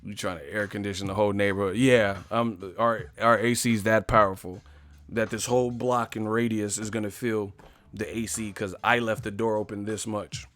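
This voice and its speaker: A man's voice: on the low side, fairly even intonation, normal speed, fairly bright tone. A man with an American accent hosting a casual live stream, telling jokes and stories with heavy swearing and frequent laughter. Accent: US English. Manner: profane, joking storyteller who laughs a lot. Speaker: boxing live-stream host.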